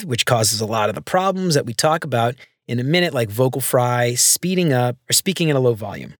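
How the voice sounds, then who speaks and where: A man's voice: mid-range voice, animated, a little fast, few pauses, a bit bright, no echo, studio quality. A man hosting a solo podcast, explaining speaking tips step by step in a conversational way. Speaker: podcast host. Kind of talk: solo instructional podcast talk.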